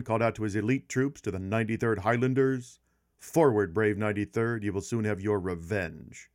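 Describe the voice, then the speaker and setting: A man hosting a history podcast, telling a battle story with emphatic pauses and slowed-down stress on key points. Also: lowish voice.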